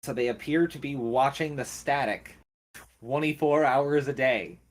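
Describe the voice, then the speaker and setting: A man runs a tabletop role-playing game as game master, narrating at an unhurried, slow pace. He describes each scene deliberately, one beat at a time. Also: mid-range voice.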